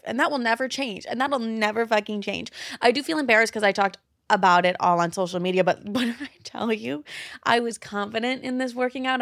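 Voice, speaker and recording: A woman's voice: mid-range voice, a bit bright, no echo. A young woman hosting a casual solo podcast from a studio, blunt and profane, often slipping into mock voices of imagined people. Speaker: podcast host. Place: recording studio.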